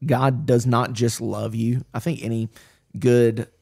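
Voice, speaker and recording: Gravelly-voiced pastor, earnest and animated. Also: male voice, medium pitch, unhurried. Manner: earnest, animated storyteller with frequent restarts. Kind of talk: casual podcast discussion.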